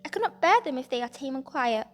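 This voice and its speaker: Sugary, ingratiating young lady, voiced by a woman reader, high and smooth-tongued. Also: big pitch swings, fast, faint music behind. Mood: flattering.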